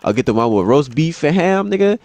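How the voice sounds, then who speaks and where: A man's voice: on the high side, brisk, no room sound. A man co-hosting a podcast, chatting casually with friends and insistently repeating himself to get the floor. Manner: excited, insistent, repeats "listen" to take the floor. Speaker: podcast co-host. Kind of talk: casual chat among friends.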